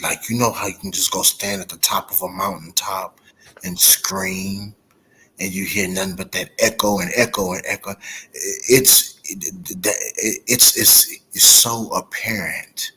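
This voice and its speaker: A man in a casual chat, telling stories in an animated, profane way. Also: deep voice, measured pace, a little hiss or hum. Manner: animated, profane storytelling with frequent laughter.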